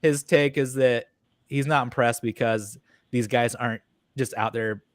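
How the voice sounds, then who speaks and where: A man's voice: medium pitch, steady tone, a little slow, no echo, studio quality. A man co-hosting a casual sports podcast, musing in a wandering, hedging way. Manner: thoughtful, wandering, hedging with fillers. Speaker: podcast co-host.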